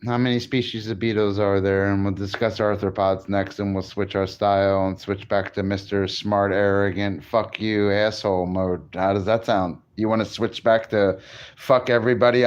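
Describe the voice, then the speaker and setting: A man's voice: fairly low pitch, steady tone, normal speed, clear, resonant tone, lo-fi sound. A man vlogging in a casual, rambling monologue, boastful and crude, often breaking into laughter.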